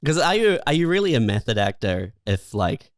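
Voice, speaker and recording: A man's voice: mid-range voice, sing-song, moderate pace, no echo, clean studio sound. A man trades jokes on a comedy podcast in casual, swearing banter. His voice sits in an ordinary middle range. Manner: laughing, joking banter. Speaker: podcast co-host.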